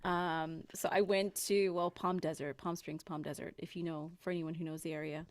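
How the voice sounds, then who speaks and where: A woman hosting a podcast, telling stories in a casual, animated way and acting out the voices she quotes. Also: fairly low pitch, normal speed, dry recording. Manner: animated storyteller, acts out quoted voices, laughs often. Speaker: podcast host. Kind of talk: casual conversation.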